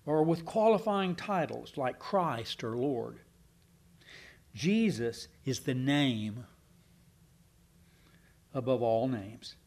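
A man preaching a Sunday night sermon, teaching emphatically with slow, deliberate stresses and occasional fillers. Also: mid-range voice, expressive, darkish tone. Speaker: pastor.

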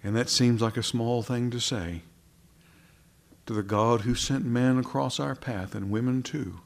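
Man, preacher, gravelly voice, impassioned sermon, swells then hushes. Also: medium pitch, a little slow. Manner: impassioned, rising and dropping to soft.

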